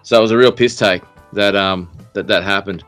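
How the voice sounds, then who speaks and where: Australian male podcast host, low voice, rambling, restart-heavy storyteller, faint music bed. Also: fairly even intonation, a little fast, a bit bright. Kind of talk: casual chat.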